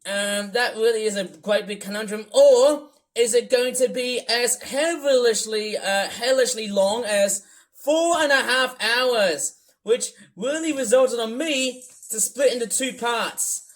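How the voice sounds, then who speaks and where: A man from the UK rambling through a livestream commentary, wordy and repetitive, swinging between loud bursts and low mutters. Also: measured pace, poor audio. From United Kingdom. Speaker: YouTuber. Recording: faint music under the voice. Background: music playing.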